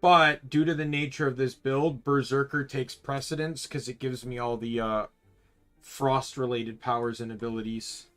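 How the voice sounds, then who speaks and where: A man's voice: medium pitch, little pitch movement, moderate pace, fairly bright tone, faint music behind. A man casually commenting while playing a video game, rambling and correcting himself as he goes. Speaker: streamer.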